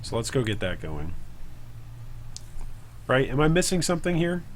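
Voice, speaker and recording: A man's voice: medium pitch, very animated, moderate pace, a little hiss or hum. A man streaming a video game, thinking aloud in a casual, chatty way and answering viewers' comments as he plays.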